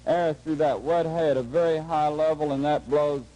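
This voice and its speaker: A man's voice: on the high side, steady tone, mellow, poor audio. Folksy man telling a tale. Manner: folksy, dry, unhurried storyteller. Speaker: lecturer. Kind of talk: humorous storytelling lecture. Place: lecture hall before a live audience.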